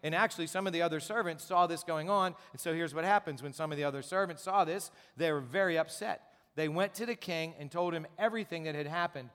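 A man's voice: a little high, quick pace, hardly any pauses, a bit bright, clear, resonant tone. A man preaching a sermon as a pastor, talking conversationally with rhetorical questions and repeated words. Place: church sanctuary. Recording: long church reverb.

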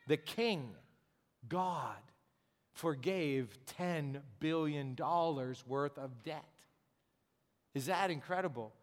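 A man's voice: a little high, a bit bright. A man preaching a sermon as a pastor, talking conversationally with rhetorical questions and repeated words. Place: church sanctuary. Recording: long church reverb.

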